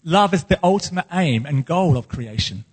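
A man's voice: on the high side, lively intonation, normal speed, slightly rough. A man preaching as the pastor of his church, speaking earnestly and with passion about his calling. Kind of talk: sermon. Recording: long hall reverb.

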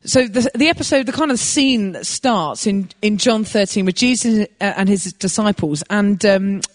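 A woman preaching a sermon, telling a personal story in an animated way and laughing as she goes. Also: mid-range voice, normal speed, big-room sound.

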